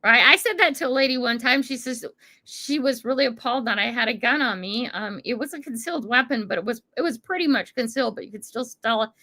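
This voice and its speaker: Bright chatty older woman. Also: on the high side, quick pace. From United States. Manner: chatty, laughs often, talks back to viewers' comments. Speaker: livestream host reading chat. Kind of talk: casual chat.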